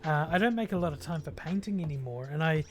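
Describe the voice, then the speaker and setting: A New Zealand streamer talks fast and animatedly while painting miniatures live, musing out loud with lots of ums in this relaxed working chat. The voice sits in the mid-range.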